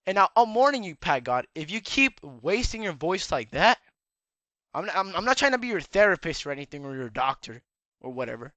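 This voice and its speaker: A man's voice: sits high, big pitch swings, a little fast, sharp tone, dry recording. A man giving rambling casual commentary in a lecturing tone, his slightly worn voice cracking now and then. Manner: rambling and lecturing, keeps tagging "all right?". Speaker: YouTube commentator.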